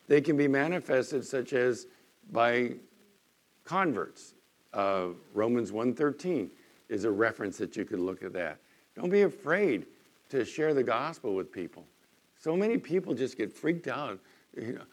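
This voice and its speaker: A man preaching a sermon as pastor, swinging between quiet, earnest stretches and loud, emphatic bursts, often acting out the objections of doubters. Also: mid-range voice, animated, moderate pace.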